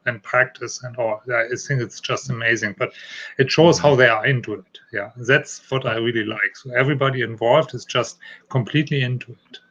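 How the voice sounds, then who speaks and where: A man's voice: mid-range voice, fairly even intonation, normal speed, fairly bright tone, highs cut off. A man chatting as a guest on a podcast, earnest and repetitive in his praise. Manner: earnest, repeats himself. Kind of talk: casual podcast chat.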